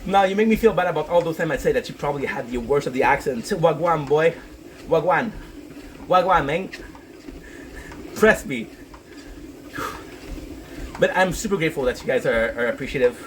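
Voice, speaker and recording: A man's voice: a little high, lively intonation, fast, pauses often, slight background noise, low-quality recording. Chatty man live-streaming on a walk. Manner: chatty, greets viewers by name, swears casually. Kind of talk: casual live-stream chat.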